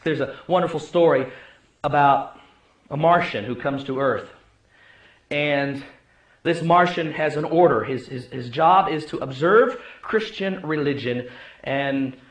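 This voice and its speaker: High-voiced man preaching in an echoey room. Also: lively intonation, unhurried, long pauses. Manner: storytelling, swings between loud and hushed. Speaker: pastor. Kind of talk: sermon.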